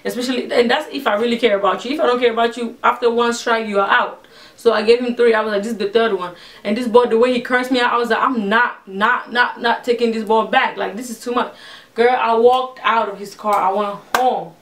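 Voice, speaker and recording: A chatty young woman tells a personal storytime to her viewers, acting out every exchange she recalls. Her voice sits a little high. She is heard from a bit off the mic in a room with a lot of echo. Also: steady tone, fast. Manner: chatty, retells conversations with quoted voices. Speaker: vlogger. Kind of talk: casual storytime monologue. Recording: roomy, a little distant from the mic.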